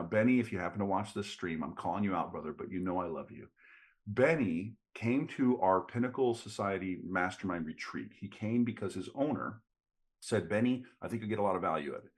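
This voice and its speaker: A man, a sales trainer telling stories as a guest in an interview. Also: fairly low pitch. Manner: lively storyteller, quotes people in dialogue. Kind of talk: animated storytelling in an interview.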